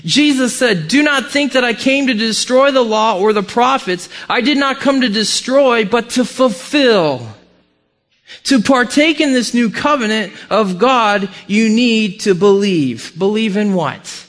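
A man preaching a sermon to a congregation, animated and conversational, asking his listeners questions. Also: extremely high pitch, unhurried. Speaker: pastor; parent.

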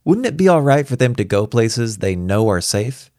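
A man reading the part of an eager museum curator in a storybook, pitching his voice up to plead urgently. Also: expressive, moderate pace, darkish tone, no echo, clean studio sound.

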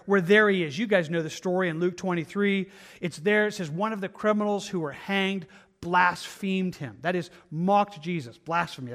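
A man's voice: high voice, a bit bright. A pastor preaching an earnest, emphatic sermon in a church, sometimes repeating his words as he presses a point. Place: church sanctuary.

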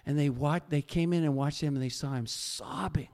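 A man preaching a sermon as pastor, telling stories with animated swings and sudden loud peaks. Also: fairly high pitch, moderate pace. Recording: long reverb of a large hall.

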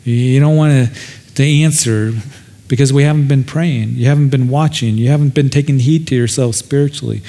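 A man's voice: medium pitch, steady tone, a little fast, dark tone. Man preaching an emphatic sermon. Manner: emphatic, retells scripture dramatically with repetition. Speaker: pastor.

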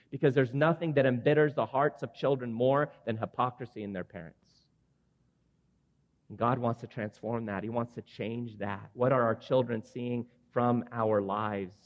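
A man in his forties preaching an earnest sermon to men, rising at times to loud, emphatic passages. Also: medium pitch. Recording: dull sound with long hall reverb.

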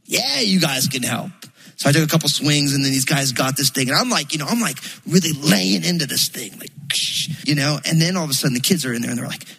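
A pastor from New Jersey preaching a sermon, telling a story in a loose, chatty way full of fillers. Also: male voice, on the high side, fast talker, vocal fry, a bit bright, husky, poor audio.

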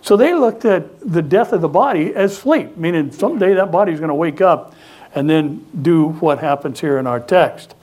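A man's voice: a little high, animated, moderate pace, a little mellow. A man preaching a sermon as pastor, emphatic and calling on the congregation to answer back. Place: church sanctuary.

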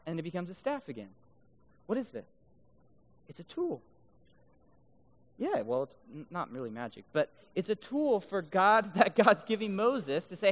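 A man giving a lively sermon to a live crowd, joking and keeps checking in with the crowd by asking "right?". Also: high-pitched, normal speed. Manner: mock-incredulous joking. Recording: long reverb of a big hall.

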